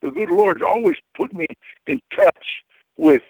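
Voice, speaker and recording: A man's voice: high voice, animated, a little slow, creaky, slightly rough, no room sound, phone-quality sound. A man guest in an interview, telling casual stories in a rambling way, with many repeated words and fillers.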